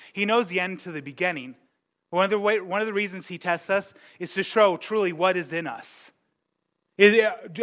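A man's voice: sits high, fairly bright tone. A young man preaching a sermon in an earnest, conversational way, often restarting his sentences. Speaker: pastor.

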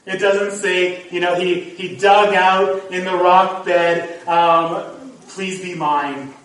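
A man's voice: high-pitched, monotone, takes it slowly, a bit bright. A man preaching a sermon as pastor, earnest and at times emphatic. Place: church sanctuary. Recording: echoey hall, mic from far off. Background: congregation.

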